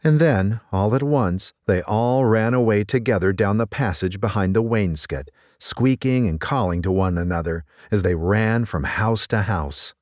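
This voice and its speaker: A man reading a children's story aloud in a gentle, expressive manner. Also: on the low side, unhurried, hardly any pauses, dry recording, studio quality.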